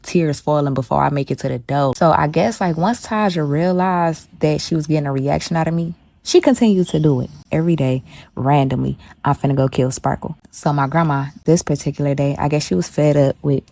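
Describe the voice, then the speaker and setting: A young adult woman, telling a blunt, profane, animated story while doing her makeup. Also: deep voice, creaky, dry recording. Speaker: beauty vlogger. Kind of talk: casual storytime chat.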